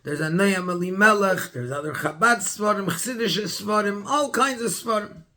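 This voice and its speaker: A man's voice: sits high, normal speed, sharp tone. A man, a rabbi, tells a story in a Torah class, stopping often to search for words and restart his sentences.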